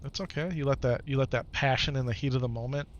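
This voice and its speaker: A man's voice: mid-range voice, level tone, fast, highs cut off, a little hiss or hum. A middle-aged man streaming live, talking casually and earnestly to his viewers, often repeating phrases for emphasis.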